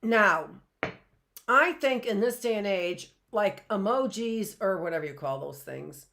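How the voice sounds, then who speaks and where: A woman's voice: medium pitch, lively intonation, measured pace, vocal fry, a bit bright. A middle-aged woman teaching a live online class in a chatty way, often checking in with "right?" and rhetorical questions.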